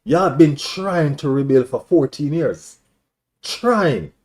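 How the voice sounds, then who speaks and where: A man's voice: on the high side, animated, slow pace, a little mellow. A man hosting a live stream, ranting as a football fan in an emphatic, repetitive, taunting way.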